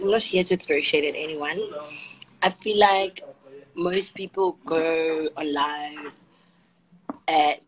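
Brief: young South African woman with a South African accent, sassy and blunt, lowish voice, phone live stream with faint hiss. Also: fairly bright tone, poor audio. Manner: sassy straight talker, calls viewers honey. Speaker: Instagram live host. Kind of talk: casual chat on a live stream.

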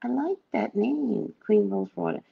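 A middle-aged woman from California, telling stories in an animated, chatty live-stream chat. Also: medium pitch, normal speed, vocal fry, husky. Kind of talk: casual storytelling chat. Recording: dull lo-fi recording.

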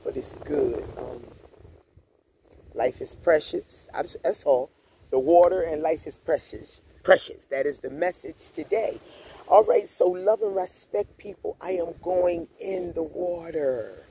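A husky, slightly high-pitched man from Grenada, with some vocal fry, talks at a measured pace to his vlog viewers on the beach. Relaxed and storytelling, he keeps saying "y'all" and circles back to repeat his phrases.

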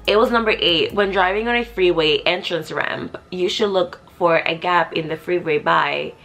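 A young woman talking casually in a vlog, chatty and profane, thinking out loud. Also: fairly low pitch, measured pace, gravelly, soft background music. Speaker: vlogger.

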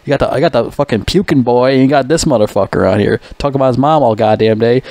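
A man's voice: mid-range voice, fast talker, gravelly, a little mellow, no echo. Profane ranting man, dry close sound. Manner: profane, mocking, puts on whiny voices. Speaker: vlogger. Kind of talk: ranting commentary.

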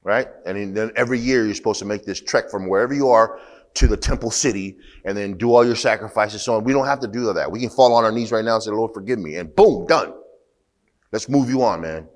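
Deep-voiced man preaching conversationally. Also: a little fast. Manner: conversational preaching, rising to emphatic bursts, asides and laughs. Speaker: pastor. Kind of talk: sermon.

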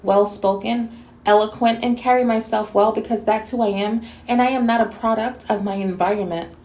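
A woman's voice: fairly high pitch, fairly even intonation, moderate pace, darkish tone, echoey room. A woman from New York City delivering a scolding, sassy rant in a response video. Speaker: YouTube commentator.

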